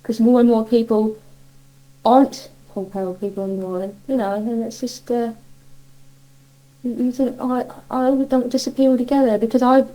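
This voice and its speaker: A woman's voice: a little high, fairly even intonation, fairly quick, warm tone, rough recording. Chatty Cornish woman reminiscing. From Cornwall, England. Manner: chatty, rambling, frequent laughs and self-corrections. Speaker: interviewee. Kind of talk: casual reminiscing interview.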